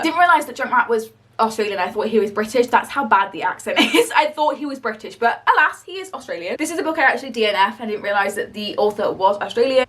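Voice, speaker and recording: Woman book vlogger, quick, blunt, slightly high voice, recorded a little off-mic. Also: a bit bright, recorded from a distance. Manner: chatty, blunt and swears casually. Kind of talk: casual vlog chat.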